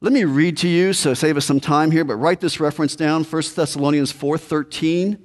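A man's voice: a little high, steady tone, moderate pace. Man preaching a conversational sermon. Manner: conversational preaching, addresses listeners directly. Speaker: pastor.

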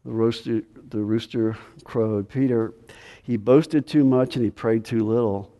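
A man preaching an expository sermon, pressing his points with emphasis and then dropping to a quiet, intense delivery. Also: mid-range voice, fairly even intonation, measured pace. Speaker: pastor. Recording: long hall reverb.

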